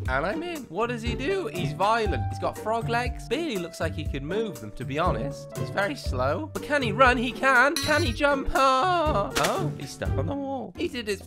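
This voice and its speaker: Lively man doing game commentary. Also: high voice. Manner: jokey, animated, teasing the creatures. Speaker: gaming video host. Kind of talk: playful gameplay commentary. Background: background music.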